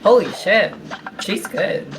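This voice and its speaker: A woman's voice: medium pitch, lively intonation, slow, background noise. A woman chatting on a call, enthusiastic and teasing. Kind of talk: casual chat on a call.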